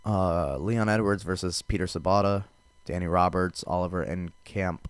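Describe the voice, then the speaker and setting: Low-voiced man hosting a fight podcast. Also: fairly even intonation, normal speed, smooth, dry recording. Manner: loose and profane, with frequent fillers and restarts. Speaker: MMA podcast host. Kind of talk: casual fight-prediction podcast talk.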